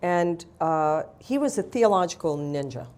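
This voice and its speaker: A woman's voice: on the low side, lively intonation, unhurried, darkish tone. A woman author telling candid, wry stories in a live interview, blunt and self-mocking.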